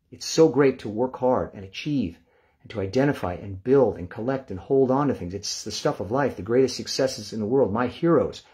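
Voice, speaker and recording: An older man leading a guided relaxation lesson, calm and unhurried, counting down softly and easing into hushed releases. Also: lowish voice. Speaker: meditation instructor.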